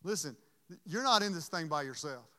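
Male pastor, sermon. Emotional, halting delivery. Smooth, clear tone carrying through a reverberant church hall. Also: a little high, animated, sharp tone. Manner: earnest, emotional, halting restarts.

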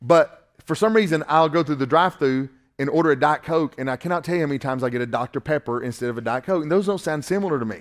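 A man with a Southern accent from Northwest Georgia, preaching a sermon in a folksy, animated, joking way. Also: on the high side, quick pace, few pauses. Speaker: pastor.

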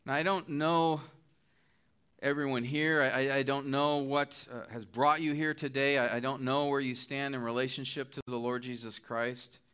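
A man's voice: mid-range voice, steady tone, normal speed, fairly bright tone, clear, resonant tone. A middle-aged man preaching a sermon, earnest and pleading as he makes his appeals. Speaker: guest preacher.

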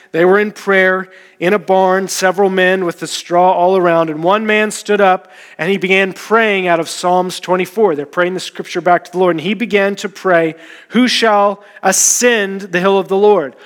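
High-voiced man preaching in a reverberant hall. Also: a bit bright. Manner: earnest storytelling, quoting figures in passing. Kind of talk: sermon storytelling.

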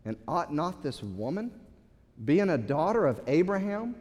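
A man's voice: a little high, sing-song, unhurried, darkish tone, long reverb tail. A man preaching a Sunday sermon in a church, emphatic, often repeating words as he works up to his point. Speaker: pastor. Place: church sanctuary.

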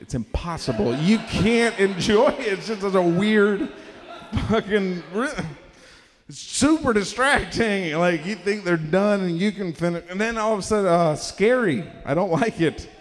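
A young man with a fairly high voice works through a rambling, self-deprecating stand-up set, now and then breaking into loud put-on voices. His mic picks up a live room with a long, ringing reverb behind him. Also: animated, normal speed. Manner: rambling, self-deprecating, acts out characters loudly. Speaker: stand-up comedian. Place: live comedy venue.

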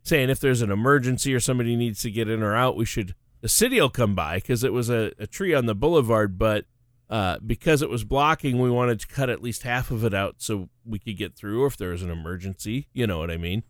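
Middle-aged guy cohosting a radio show, smooth resonant voice, dry sound, rambly storyteller who laughs a lot. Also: on the low side, fairly quick, no echo. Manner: chatty storyteller, laughs often. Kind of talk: casual chat.

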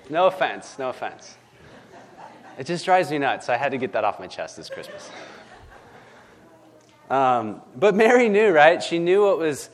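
A man preaching a conversational sermon, emphatic and chatty, often checking in with "right?" and stumbling over ums and restarts. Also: a little high. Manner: lots of ums and false starts. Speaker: pastor.

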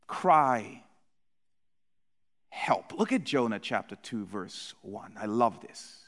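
Male pastor, sermon, slow and deliberate, hushed to impassioned, long hall reverb. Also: very animated. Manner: swings from hushed, low delivery to loud, impassioned preaching.

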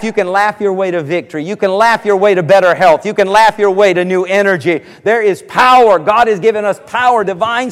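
Male pastor, emphatic repeating sermon rhythm, very high pitch, long hall reverb. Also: clean tone. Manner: emphatic, repetitive preaching cadence.

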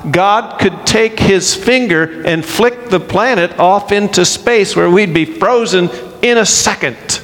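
Slow, deliberate preacher in a reverberant hall. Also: male voice, high-pitched, fairly bright tone. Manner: slow, emphatic delivery with acted-out quotes. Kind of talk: sermon.

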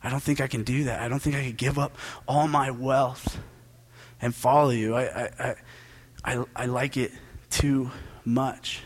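A man speaking as a sad, reluctant rich man in a hushed, stammering voice. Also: mid-range voice, steady tone, a little slow, pitched below the performer's own voice, lightly acted. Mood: dejected. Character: sad wealthy young man, torn and reluctant.

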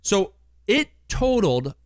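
A man's voice: high-pitched, sing-song, slow, dry recording, clean studio sound. A man co-hosting a radio show, chatting casually on air with playful, teasing banter.

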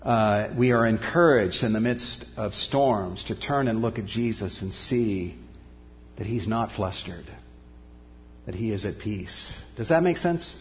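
A man preaching a sermon, earnest, rising to emphatic peaks and then dropping soft and low. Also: expressive, a little slow, long reverb tail, lo-fi sound, a little hiss or hum. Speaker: pastor.

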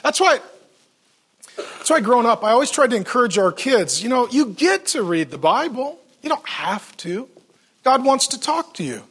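A man's voice: very high-pitched, big pitch swings, normal speed, a bit bright, breathy edge. A man preaching a sermon as pastor in a church, telling stories with playful acted-out quotes.

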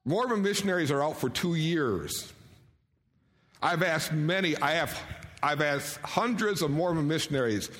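A man's voice: fairly high pitch, animated, measured pace, fairly bright tone, long reverb tail. A man preaching a sermon in an earnest way, often putting questions to his audience.

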